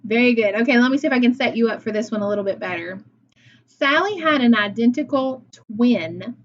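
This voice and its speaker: A woman's voice: a little high, expressive, fairly quick, dull audio. A woman teacher leading a phonics lesson for young children, patient and praising as she sounds words out.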